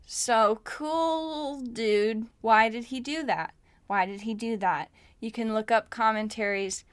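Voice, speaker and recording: A woman's voice: a little high, pushed and bright, no room sound. A young woman hosting a podcast, reading scripture aloud and breaking off with wry, joking asides. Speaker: podcast host. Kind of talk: casual Bible study podcast, reading and commenting.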